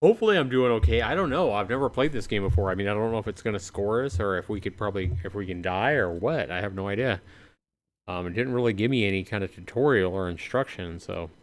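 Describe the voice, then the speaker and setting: A man's voice: fairly low pitch, lively intonation, fast. A man streaming a game live, chatting with his viewers in casual, talkative commentary and sounding tired. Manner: chatty, talks to chat. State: tired, yawning. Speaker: livestreamer. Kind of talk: let's-play commentary.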